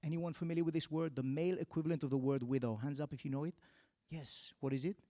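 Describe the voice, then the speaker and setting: A young man from Spain works a live stand-up set with a handheld mic. His voice sits high and he gets loud and exasperated when he hits a punchline. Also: fairly even intonation, fast. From Mallorca, Spain. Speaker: stand-up comedian. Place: arts centre stage with a live audience.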